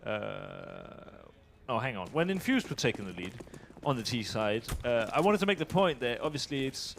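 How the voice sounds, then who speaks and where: A man giving live esports color commentary, talking in a hesitant way with many pauses and restarts. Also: mid-range voice, sing-song, a little hiss or hum.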